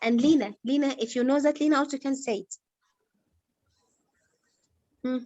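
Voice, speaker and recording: Teacher explaining a novel. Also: female voice, high-pitched, steady tone, moderate pace, warm tone, dry recording, muffled recording. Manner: patient, quizzes pupils, many fillers like "like". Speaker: English literature teacher.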